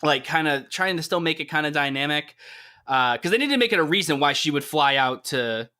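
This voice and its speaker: Bright, animated man chatting casually. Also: on the high side, a little fast. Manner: rambling, animated, acts out characters' reactions. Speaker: podcast co-host. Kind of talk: casual chat.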